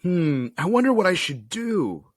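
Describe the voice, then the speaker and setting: Lively joking male podcast host. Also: high voice, unhurried, dry recording. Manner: joking, hesitant, with laughs. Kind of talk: casual game playthrough chat.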